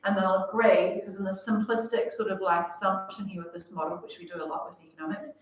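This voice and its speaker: A woman's voice: medium pitch, level tone, quick pace. A woman explaining economics to a class in a casual, chatty way, full of fillers. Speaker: economics teacher. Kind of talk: classroom lecture. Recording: echoey room, voice from far off.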